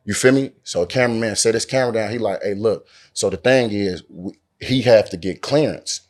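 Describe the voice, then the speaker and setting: A man's voice: fairly low pitch, fairly quick. A man from Oakland, an interview guest telling a story casually and animatedly, acting out the dialogue and swearing often. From Oakland, California. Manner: animated, acts out quoted dialogue, heavy slang and swearing. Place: lounge in a Las Vegas resort.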